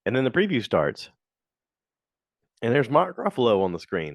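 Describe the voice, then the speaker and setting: Huge pitch swings mark this man's speech at a normal pace, recorded without echo. Hosting a casual solo podcast, he rambles through reviews with fillers galore and acts out quotes in high voices.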